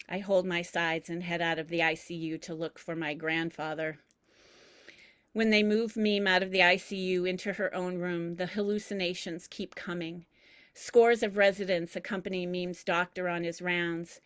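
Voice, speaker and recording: A woman reading aloud from her personal memoir, measured and reflective, with deliberate pauses. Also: lowish voice, steady tone, clear, resonant tone, no echo. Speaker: memoir reader.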